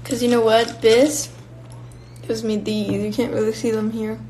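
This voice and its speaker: A woman's voice: a little high, little pitch movement, unhurried, dark tone, slight background noise, poor audio. A young woman from Finland, casually chatting with fans on a live stream and answering their comments while she eats. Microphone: phone or built-in mic.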